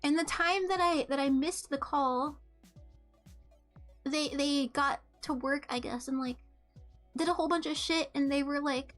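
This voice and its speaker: Young woman streamer, high voice, rambly and coughy, bit of music playing under her. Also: unhurried, fairly bright tone. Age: young adult. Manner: rambling, full of ums and restarts. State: coughing, throat full of mucus. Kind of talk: casual chat.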